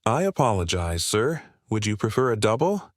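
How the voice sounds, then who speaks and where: A man voicing a polite, experienced male waiter who speaks calmly and courteously. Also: lowish voice, moderate pace, dry recording, clean studio sound. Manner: calm, courteous.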